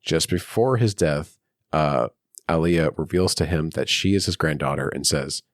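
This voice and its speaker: A man's voice: rumbling low, moderate pace, no room sound, studio quality. A man co-hosting a film podcast, reading out trivia notes and laughing often between them. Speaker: podcast co-host. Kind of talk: casual film podcast chat.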